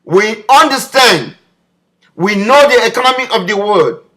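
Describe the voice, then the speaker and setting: Man, fiery political speech to camera, high pitched, sharp tone. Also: lively intonation, a little slow. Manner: impassioned, repetitive rhetorical questions. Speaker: political commentator. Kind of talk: direct-to-camera political video message.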